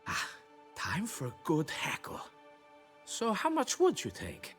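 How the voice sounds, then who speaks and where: Game role: shrill, excitable, penny-pinching foreman, fussy and wheedling. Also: slow pace, soft background music, exaggerated voice. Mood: haggling. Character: flustered, stingy middle-aged male quarry foreman. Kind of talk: video game dialogue.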